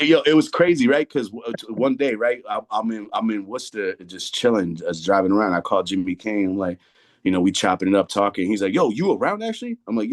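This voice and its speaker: A man in his thirties from Massachusetts, a hip-hop artist talking casually as a guest in an interview, telling stories full of slang and restarts. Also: fairly low pitch. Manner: storytelling with slang, many restarts.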